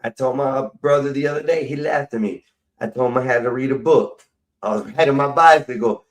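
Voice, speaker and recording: A man's voice: mid-range voice, brisk, recorded from a distance. Rambling profane man. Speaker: livestream host. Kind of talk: rambling casual livestream talk.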